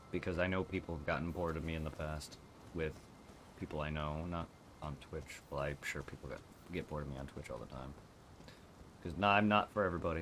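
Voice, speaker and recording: A tired man with a very deep voice streams a game with a sore throat. He talks in a flat monotone and apologizes often. A clear hiss of noise sits under the recording. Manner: self-deprecating, apologetic. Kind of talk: casual live gameplay commentary.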